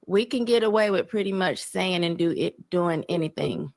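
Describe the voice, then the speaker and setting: A woman's voice: on the low side, animated, normal speed, no room sound. Woman saying what she thinks straight out, dry close sound. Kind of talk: casual opinion talk.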